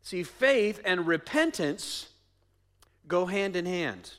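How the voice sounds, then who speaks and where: A man's voice: sits high, sing-song, slow. A man preaching a sermon as pastor, conversational, asking the congregation questions and repeating his phrases.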